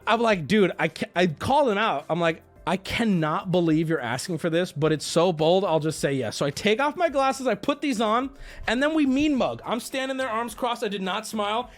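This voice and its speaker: A man hosting a livestream, telling a story to chat in a casual, animated way, swearing and breaking into yelling. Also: high voice, normal speed, faint music behind. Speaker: livestream host.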